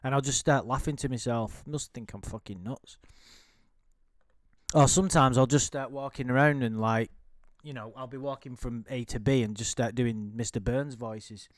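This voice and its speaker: A man's voice: medium pitch, moderate pace, no room sound, clean studio sound. Sweary, rambling man. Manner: sweary, rambling, frequent restarts and laughs. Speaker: commentator reading chat logs. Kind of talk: casual ranting commentary.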